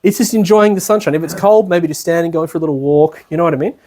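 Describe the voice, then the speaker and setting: An Australian man lecturing in a relaxed, colloquial way, his voice a little husky and pitched slightly high for a man. He keeps checking in with the room and slips into short impressions of people. It sounds like a talk in a retreat lecture room. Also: quick pace. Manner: chatty and colloquial, often checks in with listeners, acts out people he describes. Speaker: spiritual lecturer. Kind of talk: casual spoken lecture.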